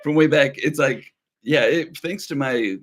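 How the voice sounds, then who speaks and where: A man's voice: a little high, unhurried. A man in his thirties co-hosting a casual livestream, chatty and rambling as he reads viewer comments aloud. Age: 30s. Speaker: livestream co-host.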